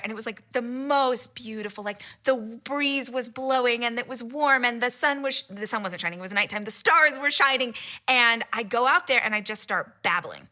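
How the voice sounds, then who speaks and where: A middle-aged woman excitedly retelling a personal story, breathless and giddy, sometimes dropping into whispered asides. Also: fairly high pitch, brisk. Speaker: podcast host retelling a date story.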